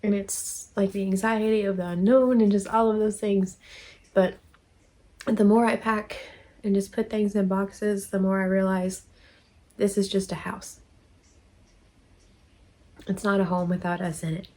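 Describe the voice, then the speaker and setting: A woman's voice: mid-range voice, flat delivery, unhurried, darkish tone. A woman hosting a crafting channel, chatting casually and emotionally as she opens her mail, laughing often and gushing her thanks. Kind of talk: casual chat while opening mail.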